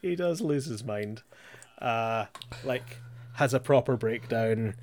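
A man's voice: medium pitch, animated, darkish tone, slight background noise. A man, co-hosting a podcast, chatting wryly about a show and swearing casually. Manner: chatty and wry, swears, quick agreeing asides. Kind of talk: casual chat recapping a show.

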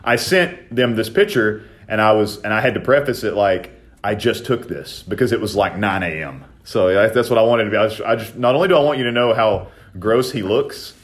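A man telling a profane, animated story in casual podcast chat, shouting out the quoted lines. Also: on the low side, brisk, few pauses. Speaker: podcast co-host.

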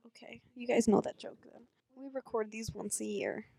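A young woman chatting casually as a podcast co-host, teasing her partner and breaking into laughter. Her voice is on the high side. The sound is close and dry, like a small room with a bed. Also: steady tone, normal speed, creaky, dark tone, breathy edge, no echo. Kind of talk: casual chat, retelling a show.

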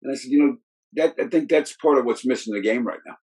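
A middle-aged man with a husky, slightly breathy voice tells stories in a relaxed, casual chat. He rambles, stopping and restarting his sentences and filling gaps with "you know". He talks like a football coach looking back. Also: mid-range voice, quick pace, rough recording. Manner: rambling, with many restarts and fillers.

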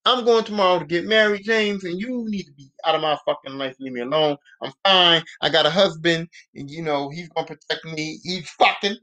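A man's voice: fairly high pitch, a little fast, hardly any pauses, pushed and bright. A man voicing a brash, dismissive teenage girl who swears constantly in swaggering slang, as a podcast recap. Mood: defiant.

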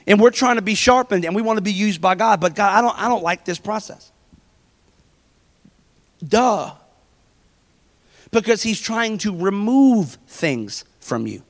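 High-voiced pastor preaching in a reverberant hall. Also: male voice, expressive, normal speed, pauses often. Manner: conversational preaching with personal stories. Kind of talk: sermon.

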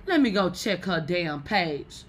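A woman hosting a casual celebrity gossip show, blunt, profane and animated. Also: lowish voice, measured pace, slight background noise.

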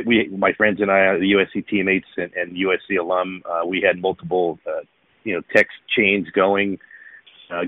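Deep-voiced and heard with no echo, this man co-hosts a laid-back talk show, rambling along with plenty of fillers and restarts. He's a podcast co-host who used to play professional baseball. The audio sounds narrow, like a phone line.

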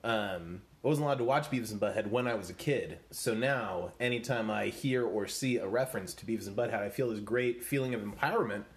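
A man's voice: on the low side, fairly quick, few pauses. A man co-hosting a comedy podcast with his brother, rambling in a playfully confused way. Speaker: podcast co-host. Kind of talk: casual comedic chat.

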